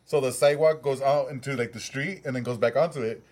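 A man's voice: medium pitch, fast, darkish tone. A man, joking and laughing often in casual podcast chat. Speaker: podcast co-host.

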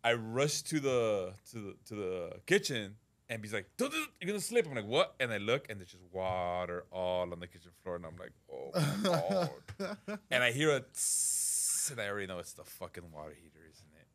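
A man's voice: on the low side, expressive, fairly quick, few pauses, fairly bright tone. A man co-hosting a casual podcast who tells stories with acted-out quotes, swears freely and laughs often. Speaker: podcast co-host.

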